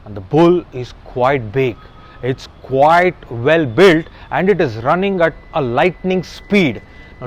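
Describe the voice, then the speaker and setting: A man narrating a motivational story in a conversational way, speaking straight to the listener. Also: a little high. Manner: conversational, addresses listener directly.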